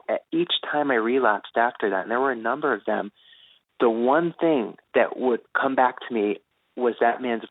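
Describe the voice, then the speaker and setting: A man with a lowish voice reflects earnestly on his own life, in halting, thoughtful phrases. The sound is thin and tinny, like a phone line. It is dry, with no room around it. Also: no room sound. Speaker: author guest. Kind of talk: reflective interview talk. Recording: phone-like narrow band.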